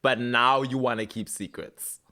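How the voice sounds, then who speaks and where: A man's voice: medium pitch, measured pace, very noisy. A man co-hosting a podcast, chatting casually and laughing often as he recaps a TV show. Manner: animated storyteller, acts out quoted lines, laughs often. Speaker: podcast co-host.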